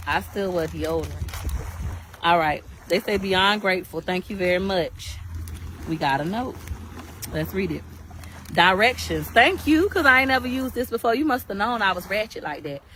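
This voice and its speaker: A woman's voice: medium pitch, expressive, moderate pace, fairly bright tone, slight background noise. A woman doing a product review video, blunt and brash, swearing freely.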